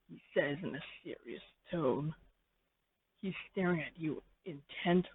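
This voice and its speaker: A narrator reading a fan fiction story in slow, rambling second-person narration. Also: mid-range voice, slightly rough, dry recording. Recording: tinny phone-like dry sound.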